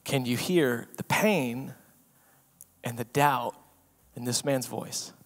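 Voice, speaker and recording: A man preaching a sermon as pastor, swinging between loud emphasis and hushed asides and asking the room rhetorical questions. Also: mid-range voice, slow. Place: church sanctuary. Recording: long reverb of a church hall.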